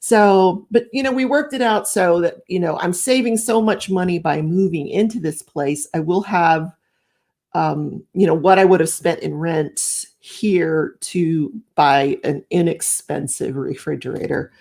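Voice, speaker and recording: A woman's voice: fairly low pitch, measured pace, a little mellow. A middle-aged woman hosting a live crafting stream from home, chatting casually, rambling and laughing as she reads out viewer comments.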